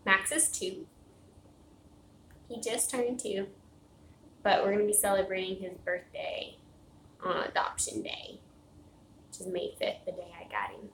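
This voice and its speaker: A woman's voice: mid-range voice, measured pace, creaky, pauses often, a bit bright. Chatty woman livestreaming from home. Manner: chatty, rambling, laughs often. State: tired, getting out of breath. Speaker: livestream host. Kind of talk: casual livestream chat. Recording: echoey room with faint noise.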